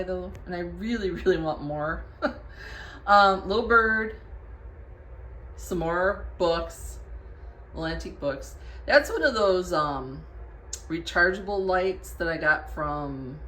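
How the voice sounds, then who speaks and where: A woman's voice: fairly low pitch, slow pace, long pauses, a bit bright, reverberant, slight background noise. Chatty woman giving a bedroom tour. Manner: chatty, homey, shows items one by one. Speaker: home decor vlogger. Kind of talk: casual room tour vlog. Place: bedroom at home. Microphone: camera on tripod.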